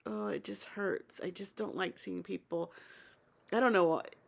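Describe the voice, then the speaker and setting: A woman's voice: medium pitch, a little slow, gravelly. A woman giving a casual, opinionated spoken recap of a reality TV episode, thinking aloud as she goes. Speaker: TV show recap reviewer.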